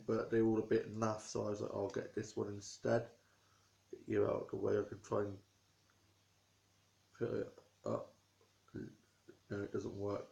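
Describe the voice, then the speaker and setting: A talkative young man tells his day to camera in loose, rambling chat. His voice stays flat in pitch and has a gravelly creak. The sound bounces around an echoey room at home. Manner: rambling and chatty, with small restarts. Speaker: vlogger. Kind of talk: casual chatty storytelling to camera.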